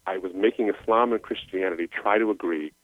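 Low-voiced guy, emotional storytelling, tinny phone call sound. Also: fairly quick, dry recording. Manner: earnest, emotional storytelling with restarts. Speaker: guest. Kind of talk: personal testimony. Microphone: phone line.

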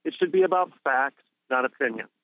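A man's voice: mid-range voice, expressive, fairly quick, no room sound. A university president calling into a radio interview, an emphatic man who builds his points through repetition in a preacherly way. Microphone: telephone. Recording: tinny phone line.

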